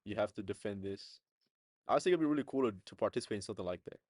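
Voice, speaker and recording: A young man co-hosting a podcast, chatting casually in relaxed slang with quick bursts and frequent chuckles. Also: lowish voice, no room sound, studio quality. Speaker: podcast co-host. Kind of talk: casual chat.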